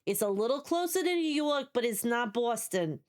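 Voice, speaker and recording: A woman's voice: on the high side, expressive, normal speed. A woman with a New Jersey accent streaming a game, chatting with her viewers in a casual, swearing, talkative way. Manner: chatty, swears, talks to chat, restarts often. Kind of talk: casual live stream chat.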